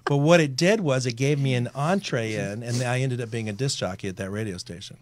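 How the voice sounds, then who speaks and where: A man telling stories as a guest on a talk show, speaking in a practiced, low radio-announcer manner. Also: a little fast. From Virginia, USA. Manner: talkative storyteller with a trained announcer's voice. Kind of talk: casual interview chat.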